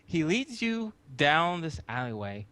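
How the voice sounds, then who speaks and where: A man narrating a tabletop game as game master, with deliberate, descriptive storytelling. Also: on the high side, sing-song, a bit bright, no room sound.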